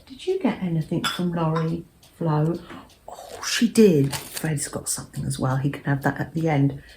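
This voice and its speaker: An older English woman hosting a cozy craft vlog, talking in a gentle, rambling way that often drops to a soft murmur. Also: low-pitched, moderate pace, noisy background. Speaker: craft vlogger.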